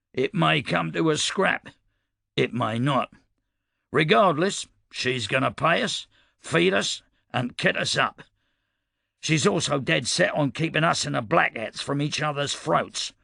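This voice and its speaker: A man's voice: a little high, pushed and bright, dry recording, studio quality, exaggerated voice. A man voicing an aging, battle-worn cavalry commander who speaks bluntly, in an audiobook. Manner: gruff, plain-spoken, commanding.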